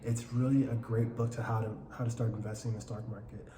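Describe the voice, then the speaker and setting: A man's voice: mid-range voice, flat delivery, quick pace, dark tone. Enthusiastic man guest in an echoey room. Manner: enthusiastic, rambling with restarts. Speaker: podcast guest, finance worker. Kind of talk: casual podcast chat. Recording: echoey room with crowd noise.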